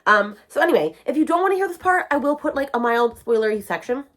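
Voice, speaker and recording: A woman with a high-sitting voice talks fast in a casual reading vlog, ranting animatedly about books. As a book vlogger, she quotes characters and does their voices.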